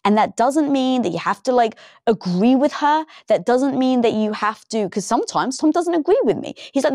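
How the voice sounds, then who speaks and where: A woman guest in a casual interview, telling lively stories and acting out the lines she quotes. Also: sits high, moderate pace, hardly any pauses, dry recording, studio quality. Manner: animated storytelling, acts out quoted dialogue. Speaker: podcast guest.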